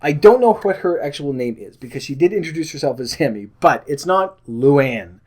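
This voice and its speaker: A man's voice: fairly high pitch, lively intonation, a little fast, slightly rough. A man with a Canadian accent talking casually to the camera in a vlog, rambling with many fillers and corrections. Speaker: vlogger.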